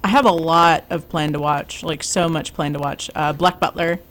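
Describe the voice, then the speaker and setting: A woman's voice: low-pitched, steady tone, moderate pace, fairly bright tone. A young woman co-hosting a casual chat, hesitant and full of fillers. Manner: stammering with many fillers. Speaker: podcast co-host.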